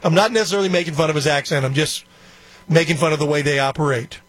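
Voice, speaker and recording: A man's voice: on the high side, quick pace, a bit bright, dry recording. Chatty opinionated male radio host. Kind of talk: casual talk radio commentary. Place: radio studio.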